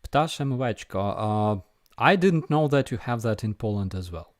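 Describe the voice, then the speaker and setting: A man's voice: mid-range voice, lively intonation, measured pace, dry recording, clean studio sound. A man with a Ukrainian accent hosting a casual live viewer Q&A, hesitant with many fillers and restarts.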